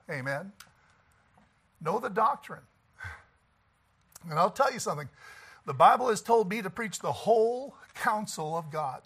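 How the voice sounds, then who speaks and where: Man, pastor, high animated voice, folksy emphatic preaching. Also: husky. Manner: emphatic, folksy preaching with frequent laughs and "Amen?". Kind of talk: sermon.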